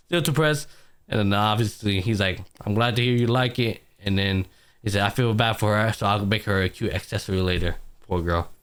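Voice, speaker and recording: A man's voice: fairly low pitch, fairly quick, fairly bright tone, clear, resonant tone. A young man co-hosting a podcast, casually recapping an anime and acting out the characters' lines with plenty of slang and swearing. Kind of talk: casual chat.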